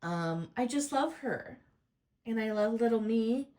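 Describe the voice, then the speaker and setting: A woman making a casual crafting vlog, speaking in a soft, heartfelt, rambling way. She sounds tearful and close to crying. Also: fairly high pitch, expressive, a little slow. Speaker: crafting YouTuber.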